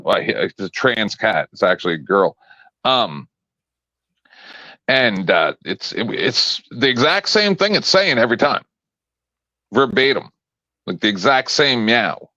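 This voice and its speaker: A man's voice: medium pitch, lively intonation, measured pace, sharp tone, no room sound. A man in casual chat on a stream, rambling, blunt and joking, with many restarts. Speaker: co-host. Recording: dull lo-fi sound.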